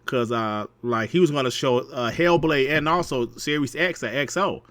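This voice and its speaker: A man hosting a casual gaming podcast, talking in a lively, slangy way and laughing easily. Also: medium pitch, normal speed, no room sound. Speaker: podcast host.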